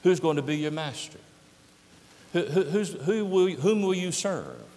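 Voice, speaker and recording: A man's voice: on the high side, lively intonation, a little slow, mellow. An older man preaching a sermon, emphatic and full of rhetorical questions. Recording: echoey hall.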